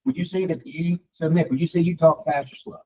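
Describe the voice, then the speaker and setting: A man teaching a live workshop to a room of colleagues, talking fast and asking the audience questions. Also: fairly high pitch, slight background noise, poor audio. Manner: fast, animated, addresses the room directly. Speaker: real estate trainer.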